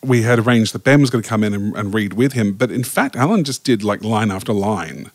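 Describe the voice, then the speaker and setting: A man co-hosting a podcast about an audio drama he helped make, chatting quickly and laughing often. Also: lowish voice, animated, a little mellow, dry recording. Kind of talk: casual chat.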